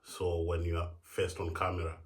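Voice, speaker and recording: A man from Zimbabwe co-hosting a vlog, speaking to the camera in a hesitant, halting way. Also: low-pitched, completely flat delivery. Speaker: vlog co-host. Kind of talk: casual address to camera.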